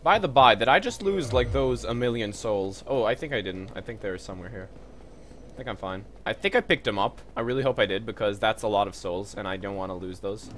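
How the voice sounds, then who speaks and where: A man playing a video game and commenting, excitable and swearing, trash-talking the enemies. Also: lowish voice, brisk, slight background noise. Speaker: gaming video host. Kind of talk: let's play commentary.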